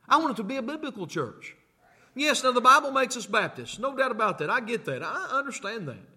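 A man's voice: very high-pitched, bright, forceful tone, slightly rough. A male pastor preaching a sermon, emphatic, repeating phrases and asking the congregation questions.

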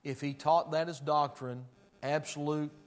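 A man preaching a sermon, emphatic and conversational, swinging between loud declarations and hushed, somber passages. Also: on the high side, fairly even intonation, measured pace. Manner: conversational asides to the congregation.

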